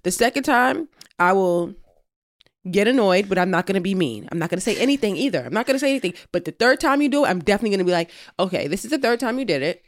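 A woman co-hosting a podcast in casual chat, venting in an animated way with lots of swearing. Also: mid-range voice, very fast, no room sound. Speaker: podcast co-host.

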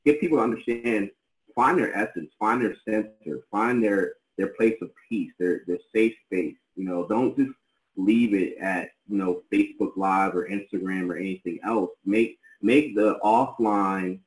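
A man with a lowish voice co-hosts a podcast at a moderate pace, chatting casually in an effusive, rambling, enthusiastic way. The recording is low in quality and reverberant.

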